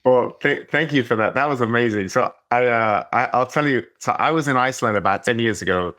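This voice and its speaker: A man's voice: medium pitch, fairly quick, fairly bright tone. A middle-aged man from England, hosting a podcast and telling a casual, rambling story with many restarts. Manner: rambling, self-interrupting, lots of restarts. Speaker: podcast host.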